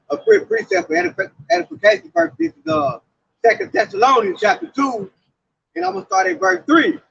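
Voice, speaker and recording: A man preaching who reads scripture verses slowly and emphatically, then explains them. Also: very high-pitched, vocal fry, fairly bright tone, dull audio, a little hiss or hum. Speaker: scripture reader.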